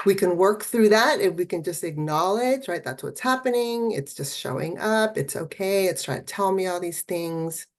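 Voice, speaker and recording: A woman art therapist giving a festival talk, encouraging and conversational, often checking in with "right?". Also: lowish voice.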